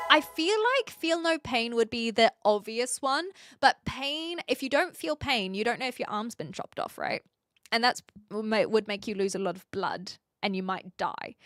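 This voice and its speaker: A woman's voice: a little high, sharp tone, dry recording, studio quality. A woman in her twenties with a New Zealand accent, chatting casually with her live stream viewers, laughing often and teasing herself. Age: 20s.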